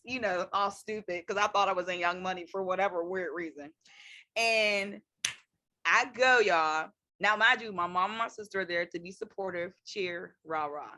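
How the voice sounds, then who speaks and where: A woman in her twenties, co-hosting and telling a story in casual, slangy, animated chat, laughing often. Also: on the low side, moderate pace. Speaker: co-host.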